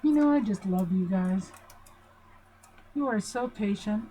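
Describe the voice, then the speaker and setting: Slow, mellow-voiced older woman teaching. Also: medium pitch, animated, slight background noise, poor audio. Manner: chatty and reassuring, asks her listeners questions. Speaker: family relationship teacher. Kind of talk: informal talk at a whiteboard.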